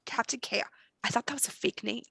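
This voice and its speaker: A woman's voice: on the high side, brisk, creaky, pushed and bright, breathy edge, no room sound, exaggerated voice. A woman voicing an anxious, flustered man checking guests in at a wedding door, harried and apologetic.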